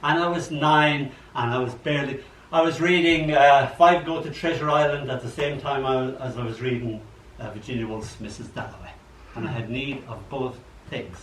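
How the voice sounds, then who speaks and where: An older man reading his poems at an open mic, chatty and animated, acting out the voices in his stories. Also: medium pitch, moderate pace. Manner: chatty, animated storyteller who acts out quotes. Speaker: poet. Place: old library room. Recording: echoey room, mic far off, faint hum.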